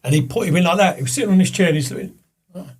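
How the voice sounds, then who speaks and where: A man with a husky, slightly higher voice tells a personal story in a candid chat. He swears freely and acts out the voices of the people in it. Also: rapid-fire. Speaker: guest.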